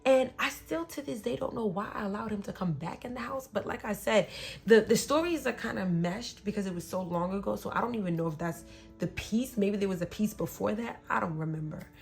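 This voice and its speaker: Gravelly-voiced woman telling a personal story. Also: mid-range voice, a little fast, soft background music. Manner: candid, emotional, slips into quoted voices.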